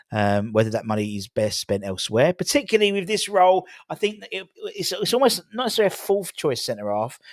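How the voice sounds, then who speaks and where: A man talks casually through football transfer news, rambling and restarting his sentences as he goes. His voice sits at an ordinary middle pitch and sounds dry, close to the mic, with little room sound. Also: no room sound. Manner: rambling, many fillers and restarts. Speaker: football fan channel host.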